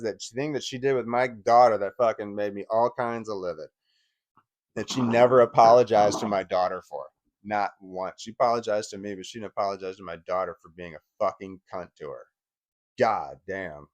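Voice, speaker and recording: A man's voice: lowish voice, fairly even intonation, moderate pace. A man in his forties giving an angry, profane personal rant, often stumbling and restarting his sentences. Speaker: vlogger.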